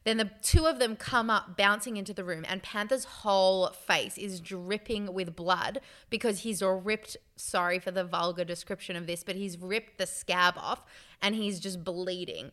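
A young woman co-hosting a casual podcast chat, telling stories in an animated way and acting out the quotes. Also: mid-range voice, normal speed. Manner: animated storyteller, acts out quotes. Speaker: podcast co-host.

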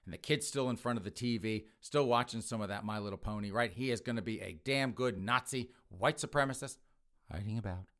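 A podcast host telling a crude comic story in a brash, rambling way. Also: male voice, on the low side, a little fast, fairly bright tone.

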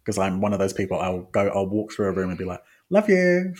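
A man's voice: low voice, level tone, quick pace, a little mellow, husky. A young man co-hosting a podcast, chatting casually with laughs and the odd swear. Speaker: podcast co-host. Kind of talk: casual chat.

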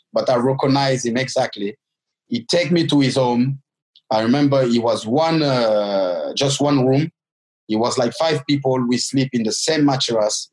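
A man, telling a personal story in a halting, casual way with many restarts. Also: mid-range voice, poor audio. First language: French. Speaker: guest telling his life story.

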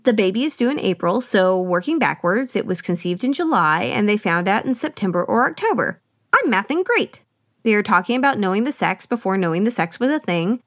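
A woman's voice: medium pitch, animated, a little fast, no echo, studio quality. A woman hosting a podcast, giving a chatty, wry solo recap of a film with playful asides. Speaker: podcast host. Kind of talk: solo movie recap commentary.

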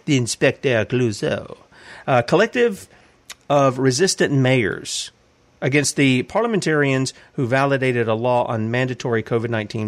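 A man hosting a casual commentary show, reading news articles aloud and asking rambling questions about them. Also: medium pitch. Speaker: host.

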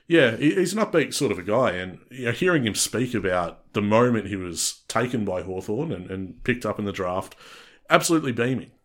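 A man's voice: fairly low pitch, animated, fairly quick. An Australian man co-hosting a casual sports podcast, chatty and reading out player details with frequent restarts. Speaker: podcast co-host.

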